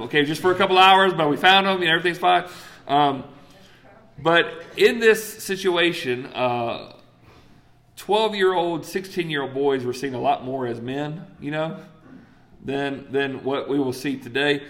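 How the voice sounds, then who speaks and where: A man's voice: on the high side, moderate pace. A man preaching a sermon in a casual, conversational way, acting out voices and checking in with the congregation. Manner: conversational and animated, acts out voices, asks the crowd "right?". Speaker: pastor.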